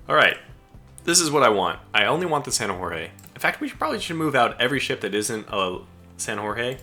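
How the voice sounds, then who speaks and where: A man's voice: fairly low pitch, sharp tone. An American man casually commentating his own live strategy game stream, chatty and chuckling as he barks orders at his ships. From United States.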